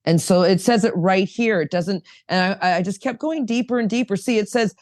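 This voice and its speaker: A woman's voice: mid-range voice, normal speed, darkish tone, dry recording, studio quality. A woman sharing her story at a recovery roundtable in an earnest, emphatic way, often repeating herself. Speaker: roundtable participant, sponsor. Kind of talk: casual recovery-meeting sharing.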